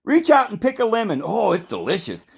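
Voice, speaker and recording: A man playing a coaxing hypnotist who slowly describes visions to a drugged listener. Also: high voice, huge pitch swings, gravelly, breathy edge, pitched above the performer's own voice, exaggerated voice. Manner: slow, coaxing, wide-eyed wonder.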